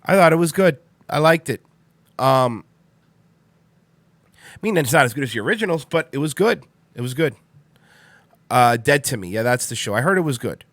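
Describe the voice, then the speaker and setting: A man's voice: mid-range voice, expressive, normal speed, long pauses, fairly bright tone, dry recording. Rambling, blunt male stream host. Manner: rambling, repeats himself, blunt and swears. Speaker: livestream radio host. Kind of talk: casual solo stream chat.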